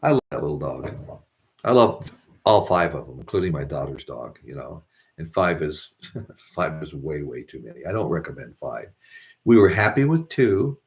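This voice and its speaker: Deep-voiced rambling American man. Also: very animated, normal speed. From United States. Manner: rambling, chatty, with many restarts and laughs. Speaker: vlogger. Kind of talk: casual chat to camera.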